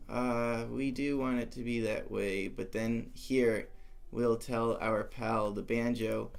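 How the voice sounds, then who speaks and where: A man's voice: mid-range voice, level tone, slow pace, creaky. A young man thinking aloud as he composes music, musing and talking to himself with playful asides. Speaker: composition teacher.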